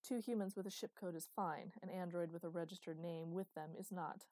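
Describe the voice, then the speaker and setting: A woman's voice: fairly low pitch, steady tone, a little fast, warm tone, no room sound, natural voice. Lady narrator doing a curt android guy, no-nonsense, slightly raised voice, dry audiobook sound. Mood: firm. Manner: clipped, decisive. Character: terse male android, cool and practical.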